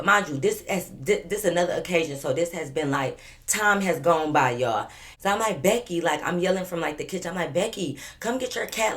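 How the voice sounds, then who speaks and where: A young woman in a casual storytime vlog, chatty and emphatic, swearing freely as she talks to her viewers. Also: deep voice. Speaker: vlogger telling a story.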